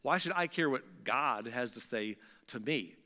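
A preacher playing a scornful pharaoh. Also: male voice, medium pitch, expressive, unhurried, bright, forceful tone, in a large hall, pitched below the performer's own voice. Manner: mocking, dismissive, casual slang. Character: scornful arrogant male pharaoh, ancient king.

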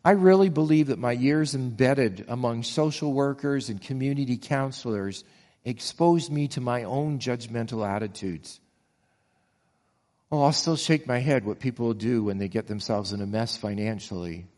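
A man's voice: medium pitch, moderate pace, a little mellow, big-room sound. Guy preaching a sermon, earnest, keeps asking questions and tripping over words a bit. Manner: earnest preaching with rhetorical questions and repeated restarts. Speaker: pastor.

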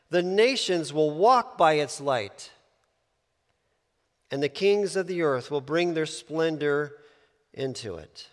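A man's voice: fairly high pitch, a little slow. Man preaching in a reverberant hall. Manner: conversational preaching with fillers and restarts. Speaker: pastor. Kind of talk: sermon.

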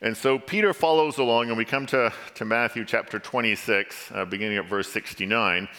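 A man born in England preaching a sermon with dramatic storytelling, rising to pleading and sinking to a somber hush. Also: fairly low pitch, a little fast. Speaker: pastor. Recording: long hall reverb.

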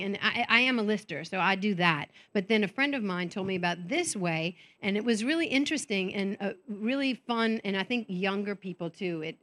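A middle-aged woman speaking at a faith conference, talking conversationally and acting out the voices in her own head. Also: medium pitch. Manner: animated, conversational, acts out inner voices. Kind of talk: motivational faith talk to an audience. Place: conference stage.

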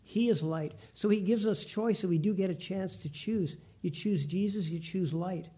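A man preaching a Bible lesson, reading scripture aloud slowly and deliberately. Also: high voice, mellow, husky. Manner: reads verses slowly and deliberately, with restarts.

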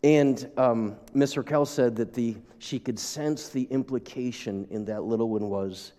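Pastor preaching in a reverberant hall. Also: male voice, medium pitch, unhurried, few pauses, dark tone. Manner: conversational, with asides to the congregation. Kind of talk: sermon. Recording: long reverb of a large hall.

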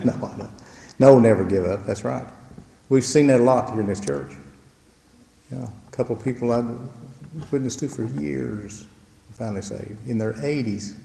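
An older man, a pastor telling a testimony story to his congregation in a folksy, unhurried way with chuckles. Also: mid-range voice, vocal fry, warm tone, a little hiss or hum. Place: church hall. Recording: echoey hall with long reverb.

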